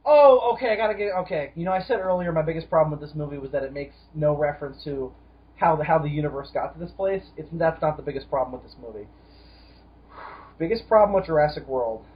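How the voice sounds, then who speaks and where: A man's voice: on the high side, brisk. Ranting man on dull lo-fi audio. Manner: emphatic, profane, ranting. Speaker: podcast co-host. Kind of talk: casual film discussion.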